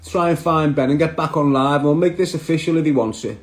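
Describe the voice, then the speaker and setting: A man's voice: on the high side, a little fast, faint music behind. A man, chatting brashly on a live stream and answering viewer comments. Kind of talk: casual live stream chat.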